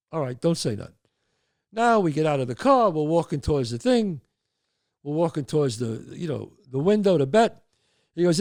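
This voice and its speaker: An older man tells a neighborhood story in a lively, swooping voice, often jumping into his friends' voices. His voice sits a little high for a man and sounds dry and close to the mic. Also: dry recording. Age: 60s or older. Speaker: host. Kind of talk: storytelling monologue.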